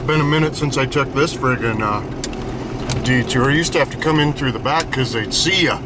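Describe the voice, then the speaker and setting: A man's voice: mid-range voice, fairly quick. A man vlogging from behind the wheel, joking and swearing constantly in slangy talk. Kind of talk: casual driving vlog. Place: inside a moving car. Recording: car road noise.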